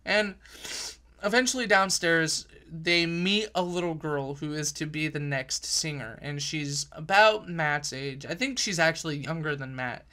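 A man's voice: on the high side, measured pace, pushed and bright. A young man giving a casual, rambling book review, often correcting himself mid-sentence with fillers like "um" and "kinda.".

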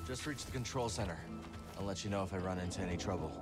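A man plays a practical male companion in a video game who reports on the mission in a steady voice. His voice sits fairly low. Loud game music plays under him. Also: fast talker, lightly acted.

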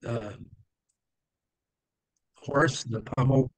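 A man's voice: medium pitch, fairly even intonation, very slow, dry recording, poor audio. A man telling old stories as an interview guest, rambling with many fillers and acting out the people he quotes. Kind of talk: casual storytelling.

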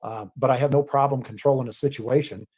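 A man answering interview questions as a family spokesman, earnest and defensive with halting restarts. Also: medium pitch, steady tone, a little mellow, breathy edge.

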